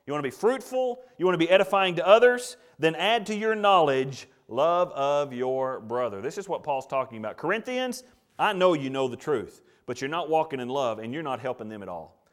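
A middle-aged male preacher delivers a sermon in a voice pitched a little high. He is animated, acts out the people he quotes, and swings from loud, ringing lines to quiet, hushed asides. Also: normal speed.

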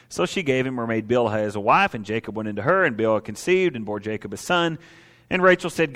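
A man preaching a sermon in a conversational, emphatic way, with rhetorical questions, dry humor and slow stresses on key points. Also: mid-range voice, lively intonation, a bit bright, long reverb tail.

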